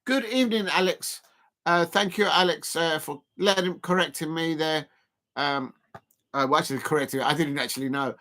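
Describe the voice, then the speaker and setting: A football streamer doing a casual live watch-along commentary, rambling, filling pauses with ums and uhs, correcting themself and breaking into excited shouts at near misses. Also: medium pitch. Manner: rambling and self-correcting, full of fillers and laughs.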